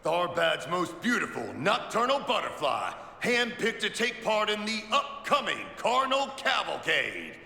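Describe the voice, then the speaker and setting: A flamboyant nightclub announcer who stretches out every line. His high, very bright voice swoops widely and lingers slowly. It rings through a long, echoey hall. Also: very animated, gravelly, a little hiss or hum, full character voice. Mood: showy. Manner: showy, drawn-out announcing.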